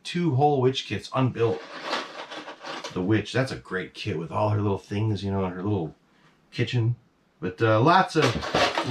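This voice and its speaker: In a basement room, a middle-aged man with a medium-pitched voice casually chats about his collection, rambling with lots of "you know"s and other fillers. Background noise is present in this vlog-style talk.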